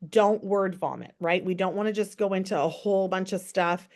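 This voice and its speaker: A woman's voice: medium pitch, moderate pace, darkish tone. A woman giving a casual, upbeat sales training on a call, coaching listeners and often asking rhetorical questions. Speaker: network marketing team trainer.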